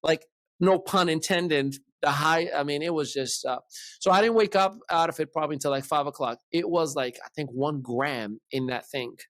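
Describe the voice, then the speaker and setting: With a fairly high pitch and normal speed, a male podcast host animatedly tells a long, casual story, playing the voices of the people involved. The studio-quality recording has no echo.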